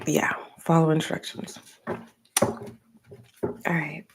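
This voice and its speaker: An older woman, a tarot reader, chatting casually and rambling, with soft asides. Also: sits low, level tone, takes it slowly, gravelly, a little hiss or hum. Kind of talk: casual tarot reading talk.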